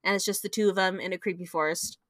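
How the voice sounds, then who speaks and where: Giggly young woman, bright and dry. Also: fairly low pitch, fast, dry recording. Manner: giggly, animated storytelling with playful sound effects. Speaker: podcast co-host. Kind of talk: casual chat.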